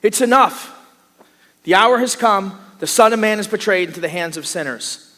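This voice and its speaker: A man preaches a sermon, his voice high-pitched and bright as he gets animated and slips into the voices of the people he describes. His words ring out into a long hall reverb. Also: moderate pace. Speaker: pastor. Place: church sanctuary.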